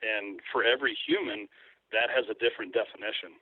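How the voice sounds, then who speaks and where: A man's voice: on the low side, fast talker, no room sound. A man talking casually as an interview guest, rambling with fillers and restarts. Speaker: guest, hunting photographer. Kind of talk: casual interview over the phone. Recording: tinny phone line.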